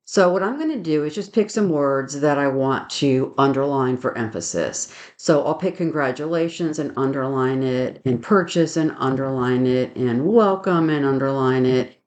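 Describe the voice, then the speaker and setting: A woman teaching a software webinar, methodically explaining each click aloud and adding firm opinions on good practice. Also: extremely low pitch. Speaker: software trainer. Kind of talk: screen-share webinar demonstration.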